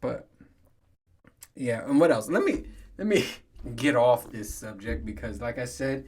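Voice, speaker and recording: A man's voice: medium pitch, lively intonation, a little slow, long pauses, darkish tone, slight background noise. A man in his thirties hosting a podcast, telling crude stories on his own with heavy swearing and frequent laughter. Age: 30s. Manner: profane, storytelling, laughs often. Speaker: podcast host. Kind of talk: casual solo monologue.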